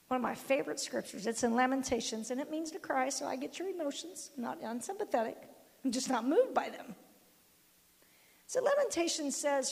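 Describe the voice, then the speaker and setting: Gravelly older woman preaching with reverb. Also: sits high, expressive, fairly quick. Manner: emphatic, firm, quotes scripture and acts out dialogue. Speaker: grandmother giving a devotional talk. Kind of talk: sermon-like storytelling devotional.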